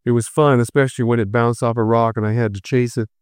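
Smooth, clear male storyteller. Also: medium pitch, quick pace, dry recording, clean studio sound. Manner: steady, reflective. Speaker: narrator. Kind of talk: scripted narration.

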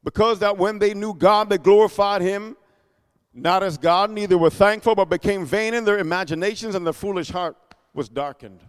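A man preaching a sermon, calling for responses from the congregation and punching key words loudly. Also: high-pitched, moderate pace, clean tone, long reverb tail. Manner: call-and-response, loud bursts on key words.

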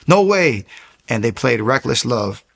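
Gravelly man telling his faith testimony. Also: medium pitch, measured pace. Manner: animated, acts out quotes, many fillers and restarts. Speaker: speaker giving a personal testimony. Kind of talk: personal faith testimony, storytelling.

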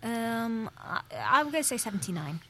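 A woman's voice: on the high side, sing-song, moderate pace, a bit bright, a little hiss or hum. A woman with a Scouse accent chatting casually as a panelist, telling stories in a chatty way. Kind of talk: casual chat.

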